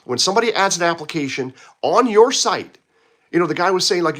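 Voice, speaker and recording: A man ranting casually to his viewers, frustrated and rambling, often restarting his sentences and jumping up in pitch when he gets worked up. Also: lively intonation, brisk, fairly bright tone. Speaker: video blogger. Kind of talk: casual rant to camera. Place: home in Poland.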